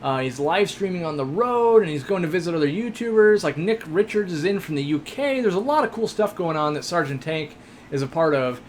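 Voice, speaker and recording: A man's voice: a little high, animated, brisk, a little hiss or hum. A young man hosting a casual live stream, reading viewer questions aloud and answering with jokes and lots of fillers. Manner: chatty, joking, rambling with many fillers. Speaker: host of an aquarium shop live stream.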